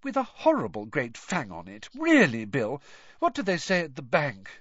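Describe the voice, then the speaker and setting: A man's voice: on the high side, wildly swooping pitch, moderate pace, no echo, muffled recording, voice pushed up. A man voicing a bustling, scolding mother of a big family. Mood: fussing. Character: fussy mother of a large family, woman.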